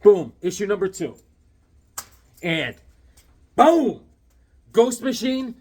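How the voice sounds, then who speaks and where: A man's voice: high-pitched, takes it slowly, husky. A man chatting casually on his comic book channel, rambling through stories and doing voices. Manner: rambling, animated storytelling with voices. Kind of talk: casual vlog chat.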